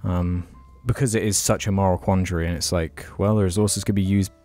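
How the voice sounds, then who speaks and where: Low-voiced sweary British podcast man. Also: steady tone, brisk, warm tone, soft background music. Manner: frank, sweary, meandering with restarts. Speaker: podcast co-host. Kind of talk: casual chat, storytelling.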